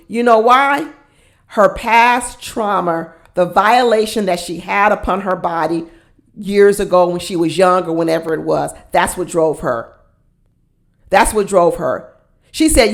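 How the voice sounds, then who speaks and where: A woman's voice: mid-range voice, normal speed. A woman hosting a casual reality show recap, blunt and sassy, often repeating her points for emphasis.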